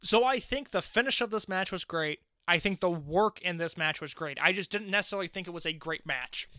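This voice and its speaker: A man's voice: high-pitched, fairly quick, sharp tone, dry recording, clean studio sound. A man co-hosting a casual wrestling review podcast, opinionated and wry. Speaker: podcast co-host.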